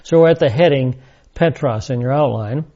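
Guy with a gravelly dark voice doing a bible study class, slow and emphatic, kinda dull lo-fi sound. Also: mid-range voice. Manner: deliberate, emphatic, repeats key words. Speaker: Bible teacher.

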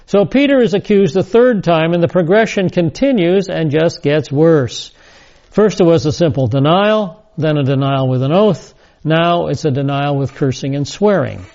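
A man's voice: on the high side, moderate pace, darkish tone. A man teaching a scripture lesson, reading verses and adding casual asides. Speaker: Bible teacher. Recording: dull lo-fi recording.

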